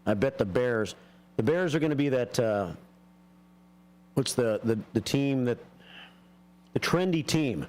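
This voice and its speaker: Middle-aged man, radio host, easygoing, halting delivery, mid pitch. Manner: relaxed, halting with fillers. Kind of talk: casual morning radio chat.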